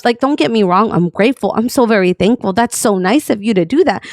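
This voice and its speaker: A woman's voice: fairly high pitch, brisk, few pauses, no room sound, studio quality. A woman streamer ranting to her chat, heated and profane, with sarcastic outbursts. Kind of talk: storytime rant to stream chat.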